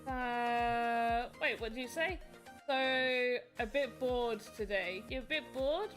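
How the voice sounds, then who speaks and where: British woman streamer, slightly high and bright voice, rambling casual chat, faint music underneath. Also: slow. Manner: chatty, rambling, reads and answers chat. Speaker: livestreamer making voxel art.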